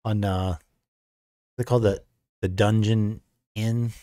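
A man's voice: lowish voice, slow. An American man co-hosting a live stream, casually reading viewer comments aloud between remarks. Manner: reads viewer comments aloud, relaxed, hesitant fillers. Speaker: co-host reading chat.

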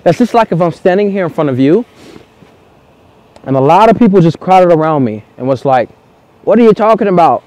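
Earnest man with a dark voice, coaching. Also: fairly high pitch, lively intonation, a little fast, long pauses, no room sound. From United States. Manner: earnest, repetitive coaching with casual swearing. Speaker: dating coach. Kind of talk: motivational vlog monologue. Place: outdoors in the cold.

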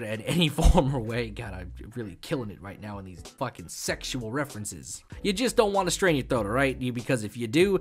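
A man in his twenties hosting a casual gaming tutorial, rambling and profane, with frequent stumbles and fillers. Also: medium pitch. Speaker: YouTube gaming host.

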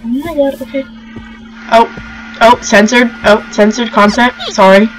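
A young woman hosting a casual let's-play, gushing and excitable as she talks to the animals in the game. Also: fairly high pitch, measured pace, low-quality recording. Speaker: gaming channel host. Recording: faint game music behind.

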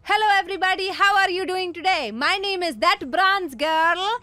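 A woman putting on an overly chirpy presenter with an exaggerated Indian English accent, sing-song, high and loud. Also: normal speed, dry recording.

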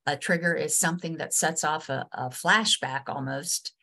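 A woman trainer with a West Virginian accent giving a webinar lesson over a video call, earnest and halting, with many restarts and fillers. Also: deep voice, sharp tone. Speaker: state ombudsman and trainer.

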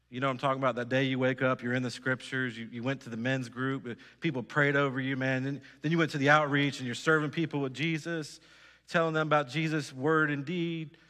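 Another pastor preaches in the echoing sanctuary, his medium-pitched voice pushed and bright. The sermon is earnest, built on repeated phrases and questions aimed straight at the congregation.

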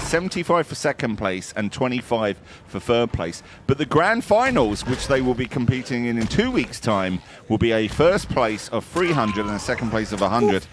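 A man's voice: mid-range voice, a little hiss or hum. A man hosting and casting a tournament live, giving play-by-play with irreverent jokes and banter. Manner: jokey, irreverent, with playful banter. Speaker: esports tournament caster and host.

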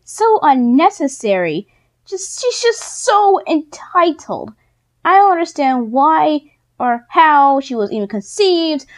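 A young woman YouTuber ranting indignantly in a casual vlog, quick and exasperated. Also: high voice.

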